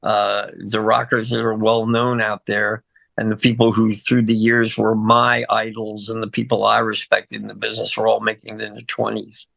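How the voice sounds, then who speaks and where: A man's voice: fairly low pitch, monotone, normal speed, vocal fry, a bit bright, no echo. An older man, a musician guest in a casual interview, talking in a rambling, emotional way with lots of fillers and laughs.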